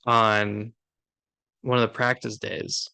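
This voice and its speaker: Upbeat chatty man with a bright voice. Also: fairly low pitch, level tone, slow, gravelly, clean tone. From Minnesota. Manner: chatty, upbeat, laughs often. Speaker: podcast co-host. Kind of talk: casual chat.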